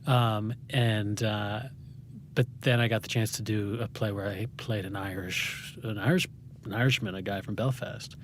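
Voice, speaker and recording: American guy rambling through a story, lots of ums, lowish voice, faint hiss behind. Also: steady tone, normal speed. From United States. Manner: rambling and self-deprecating, with many fillers and restarts. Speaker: guest playwright. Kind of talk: conversational interview.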